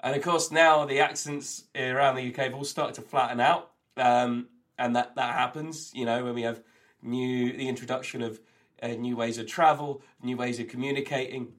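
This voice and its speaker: A man co-hosting a comedy podcast, recorded remotely over a call. He rambles eagerly through odd facts, stumbling over his words with plenty of ums and restarts, in a voice of ordinary middle pitch. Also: fairly even intonation, normal speed, fairly bright tone. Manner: rambling, enthusiastic trivia-sharing with many fillers. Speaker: co-host. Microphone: remote call, recorded on own end.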